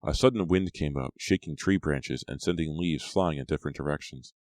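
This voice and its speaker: A man narrating an audiobook in a steady storytelling voice. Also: a bass voice, brisk, no echo, clean studio sound. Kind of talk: scripted narration.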